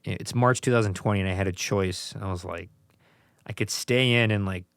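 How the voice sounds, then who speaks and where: A man's voice: lowish voice, normal speed, smooth, dry recording, clean studio sound. A man hosting a podcast in casual chat, telling rambling stories and laughing easily. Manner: rambling, chatty storyteller who laughs easily. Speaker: podcast host.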